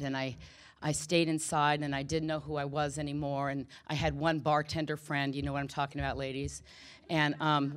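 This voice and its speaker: A middle-aged woman candidly telling her own recovery story to a group, emotional and self-deprecating. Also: sits low. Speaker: speaker sharing recovery story. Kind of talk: personal testimony talk.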